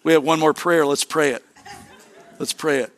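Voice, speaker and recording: Delivering a lively sermon, this middle-aged male pastor speaks straight to his congregation and keeps repeating phrases. His pitch is slightly high, and he talks at a normal speed.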